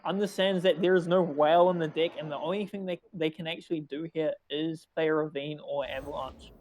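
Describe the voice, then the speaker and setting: Excitable laughing esports caster. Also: medium pitch, a little hiss or hum. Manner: excitable, quick to laugh, trails into restarts. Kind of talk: live esports game commentary.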